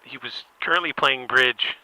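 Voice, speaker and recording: Playful male podcast host, bright voice. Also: medium pitch, normal speed. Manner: playful, acts out both sides of a phone call with shouted swearing. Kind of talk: improvised comedic phone-call story.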